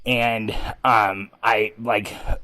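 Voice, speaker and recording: Low-voiced man telling a story. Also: drawn-out words, no echo, rough recording. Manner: animated, excitable retelling with frequent ums. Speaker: podcast host. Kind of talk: storytelling monologue.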